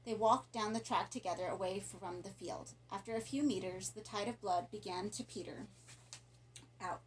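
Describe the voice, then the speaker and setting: A woman reading a horror story aloud in a calm, even narration. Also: medium pitch, normal speed, slight background noise, rough recording. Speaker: audiobook narrator.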